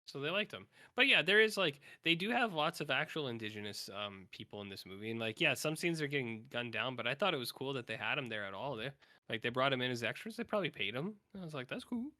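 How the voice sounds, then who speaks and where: Male podcast co-host, bright, teasing, dry close sound. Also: medium pitch, big pitch swings, fast, no room sound. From Canada. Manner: jokey, teasing. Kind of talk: casual podcast chat.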